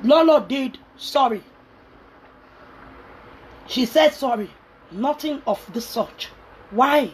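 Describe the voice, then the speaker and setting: A woman's voice: sits high, slow, long pauses, a little hiss or hum. A Nigerian woman vlogger ranting angrily and scolding, mixing in pidgin. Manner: angry, scolding, mixes pidgin and Yoruba. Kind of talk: angry rant.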